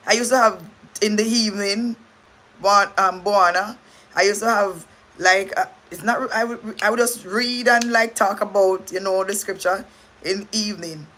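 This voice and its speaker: A middle-aged Jamaican woman talks casually on her livestream, with a bright, sharp-edged voice at an ordinary pitch. She rambles and restarts her sentences and thanks her viewers between thoughts. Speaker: livestream host.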